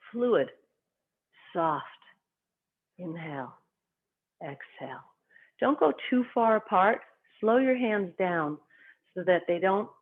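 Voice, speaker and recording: Leading a qigong class, the teacher offers brief, calm spoken cues that follow the rhythm of breathing, her mid-range voice steady and even. It sounds thin and narrow, as if heard over the phone.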